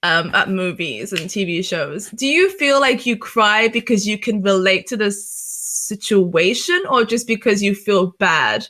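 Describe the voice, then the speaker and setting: A woman's voice: medium pitch, animated, measured pace, few pauses, sharp tone. A young woman from England, a streamer talking candidly in a casual interview, chatty, laughing often and swearing freely. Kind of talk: casual chat.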